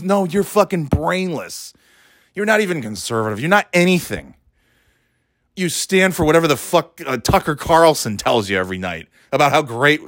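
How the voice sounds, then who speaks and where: A fired-up man venting on his podcast, swearing freely and dripping with sarcasm. His voice sits slightly high and leaps around with lively, restless intonation. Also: moderate pace, no room sound, clean studio sound. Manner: profane, heated, sarcastic. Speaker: podcast host. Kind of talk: angry ranting monologue.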